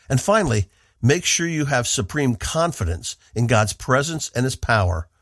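A man from the northeastern United States who hosts a radio Bible program, giving a measured, earnest devotional teaching and leaning on key words. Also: medium pitch, dry recording, studio quality.

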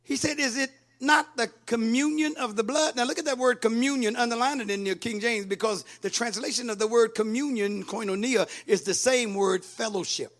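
A man preaching a sermon, reading and explaining scripture, building up to emphatic shouts. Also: extremely high pitch, normal speed, hardly any pauses. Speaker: pastor.

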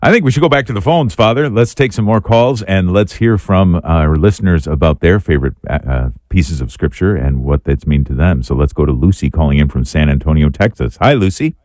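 A man's voice: sits low, expressive, fairly quick, hardly any pauses, a little mellow, no echo. A man hosting a call-in radio show, introducing his team and taking calls. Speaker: radio host.

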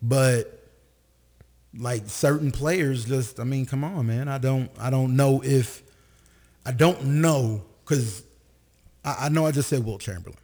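Husky-voiced man riffing on sports. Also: mid-range voice. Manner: animated, slangy, quick to joke. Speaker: radio sports talk co-host. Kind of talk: casual sports banter.

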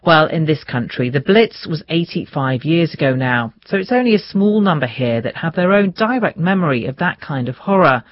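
A woman presenting the radio news in a measured, formal way. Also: deep voice, lively intonation. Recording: dull lo-fi broadcast audio.

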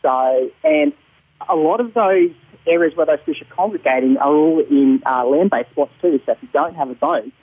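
Australian male caller on a phone line, high-ish voice, easygoing and rambling. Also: moderate pace, breathy edge, no room sound. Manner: relaxed, rambling with many ums and uhs. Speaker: fishing report caller. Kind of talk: casual radio phone chat.

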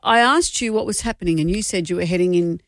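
A woman's voice: on the low side, quick pace, no room sound. A woman co-hosting a radio show, teasing her partner with dry interjections. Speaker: radio co-host. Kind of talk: casual on-air banter. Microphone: studio mic.

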